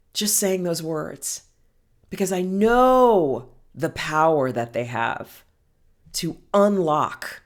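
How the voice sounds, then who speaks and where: A woman giving a heartfelt self-help talk as a healing coach, speaking gently and soothingly and calling the listener honey. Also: fairly low pitch. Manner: affectionate, calls listener honey and girl.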